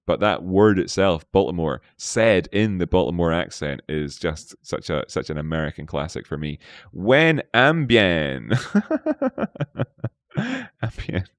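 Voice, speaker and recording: A man's voice: rumbling low, steady tone, moderate pace, hardly any pauses, dry recording. A man hosting a live market analysis stream, playful, chatting with viewers and talking to himself. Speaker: trading stream host.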